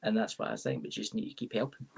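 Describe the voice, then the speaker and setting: Gravelly Scottish man rambling eagerly. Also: on the low side, quick pace, slight background noise. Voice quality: gravelly, husky. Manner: rambling, animated, says "right?" often. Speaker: guest tarot reader and paranormal podcaster. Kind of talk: casual live-stream interview. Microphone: live-stream mic.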